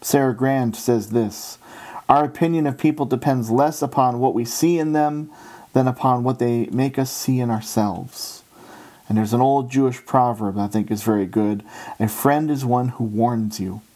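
A man preaching a sermon in an earnest, steady way, often pausing to quote scripture and other writers. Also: mid-range voice.

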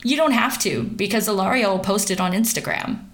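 A woman's voice: mid-range voice, a little fast, a bit bright. Woman, young adult, sardonic gossip commentator, wry and sarcastic. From central Pennsylvania, US.

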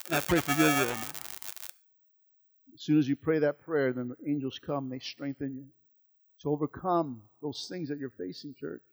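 A man preaching a sermon as pastor, impassioned, dropping soft and then building loud, often repeating words. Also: on the high side, fairly even intonation, normal speed, music in the background, poor audio. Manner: repeats words and restarts phrases.

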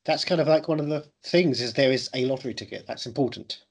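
A man's voice: medium pitch, quick pace, creaky, breathy edge. A man co-hosting a casual film review chat, opinionated and joking, acting out mock quotes. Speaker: podcast co-host.

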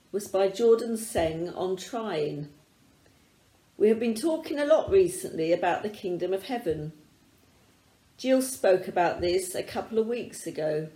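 A woman from a church leadership team, giving a measured, earnest talk reflecting on a conference. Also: mid-range voice, dark tone, roomy sound. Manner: slow, measured, earnest delivery.

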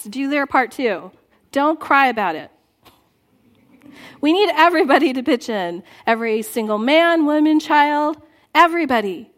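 A woman preaching a sermon in church, earnest and exhorting, dropping soft and low at times. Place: church sanctuary.

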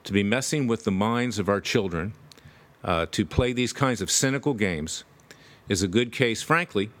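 A man's voice: fairly low pitch, lively intonation, moderate pace. A man delivering emphatic, indignant political commentary straight to his audience. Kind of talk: direct-to-camera political commentary.

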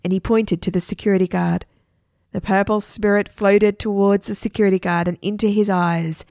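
A woman storyteller reading a children's adventure story aloud with lively expression. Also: mid-range voice, moderate pace, gravelly, no echo, clean studio sound.

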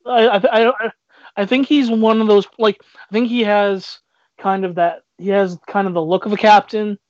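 A man's voice: high-pitched, fairly even intonation, normal speed, no echo. A man in a casual podcast chat, speaking hesitantly and repeating words as he thinks. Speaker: podcast co-host. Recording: dry, dull lo-fi audio.

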